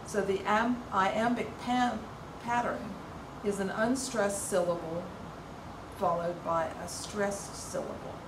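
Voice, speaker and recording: A woman's voice: medium pitch, fairly even intonation, takes it slowly. Woman, music teacher, patient explaining, roomy echo, distant mic, background noise. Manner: explaining patiently with fillers and restarts. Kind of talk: informal music lesson.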